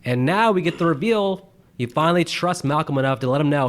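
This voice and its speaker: A man co-hosting a casual movie review chat, animated and quick to laugh, acting out quotes in exaggerated voices. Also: on the high side. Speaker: podcast co-host.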